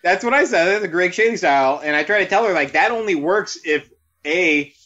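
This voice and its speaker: A man on a podcast tossing in quick teasing jokes during casual chat. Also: high voice, animated, pushed and bright, dull audio. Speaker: podcast co-host.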